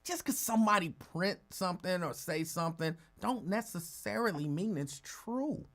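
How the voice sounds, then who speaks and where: A man hosting a casual podcast, talking in a laid-back conversational way and answering a listener's comment. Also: normal speed. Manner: laid-back, conversational, lively pitch, playful voices for a dog. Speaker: podcast host.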